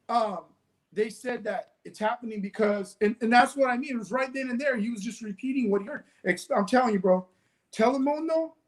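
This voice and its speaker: Man telling animated stories as co-host. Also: very high voice, rough recording. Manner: animated storytelling, acts out quoted dialogue. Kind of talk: casual political discussion.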